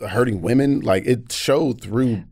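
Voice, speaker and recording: Speaking a little slowly in a mid-range voice, the guest is an American comedian who tells frank stories about his life and brings other characters to life with voices. The recording is dry and of studio quality.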